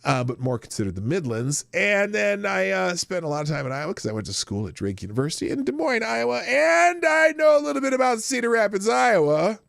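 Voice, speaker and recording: A middle-aged man from Nebraska hosts a live news show in a chatty, wandering way, talking to himself as he works the screen. His voice swings widely in pitch and carries a gravelly texture. The sound is dry and close. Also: sing-song, fairly quick, hardly any pauses, fairly bright tone, dry recording. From Nebraska, US Midwest. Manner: rambling, chatty, talks to himself while working the screen. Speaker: show host. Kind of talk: casual live news commentary.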